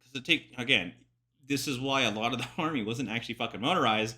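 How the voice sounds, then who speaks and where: A man's voice: mid-range voice, fast. A man casually reacting to a history documentary, explaining with frequent swearing and side remarks. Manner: profane, animated, digressive explainer. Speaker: military history reaction host.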